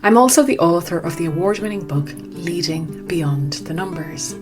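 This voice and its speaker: A woman's voice: lowish voice, expressive, moderate pace, over music. A woman hosting a podcast, speaking in a reflective, conversational way. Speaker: podcast host. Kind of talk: podcast interview.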